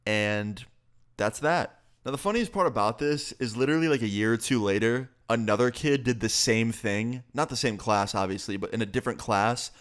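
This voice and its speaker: A young man vlogger telling a casual, profane story in an animated way. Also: medium pitch, moderate pace.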